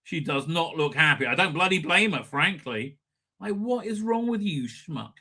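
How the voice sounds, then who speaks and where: A man's voice: fairly high pitch, lively intonation, moderate pace, pushed and bright, breathy edge. A man hosting a live stream, ranting sarcastically and crudely at video clips and swearing freely.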